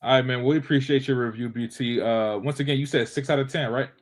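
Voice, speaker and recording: A man's voice: medium pitch, steady tone, quick pace. A man hosting a movie podcast, talking bluntly and casually, swearing and saying bro. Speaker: podcast host. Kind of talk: casual chat.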